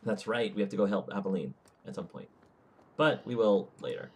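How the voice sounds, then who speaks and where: Rambling low-voiced gaming commentator. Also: male voice, animated, brisk, darkish tone, slightly rough. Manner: rambling, self-correcting, chatty. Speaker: let's play host. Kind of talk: casual gameplay commentary.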